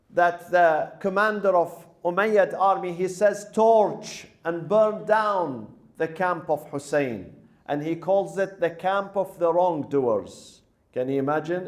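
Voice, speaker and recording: A man with a notably high-pitched voice preaches a mourning sermon. He retells the story with strong emotion and slips into chanted Arabic lines.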